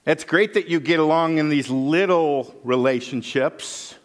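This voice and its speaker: A man's voice: on the high side, measured pace. Folksy middle-aged male pastor. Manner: folksy, conversational, with frequent "right?" asides. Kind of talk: sermon with storytelling.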